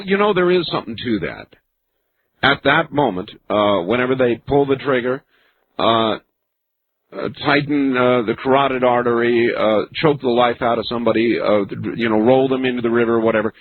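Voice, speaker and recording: A man hosting a late-night call-in radio show, musing slowly with many fillers. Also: medium pitch. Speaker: radio talk show host. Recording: narrow phone-like radio broadcast with faint hiss.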